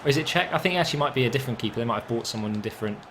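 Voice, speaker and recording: A young man commentating on his own football video game match, casual and chatty, with swearing and sudden excited outbursts. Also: medium pitch, very fast, slight background noise. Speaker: gaming commentator.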